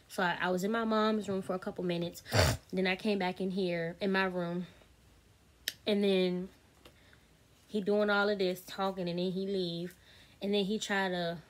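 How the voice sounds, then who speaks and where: A woman's voice: medium pitch, fairly bright tone. A woman, telling a storytime vlog straight to her viewers, candid, blunt and swearing freely. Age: 30s. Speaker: vlogger.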